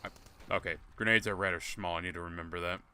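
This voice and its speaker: A man's voice: low voice, steady tone, quick pace, bright, forceful tone. Rambling, cussing game streamer guy. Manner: rambling, profane, laughing storyteller. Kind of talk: casual gameplay commentary.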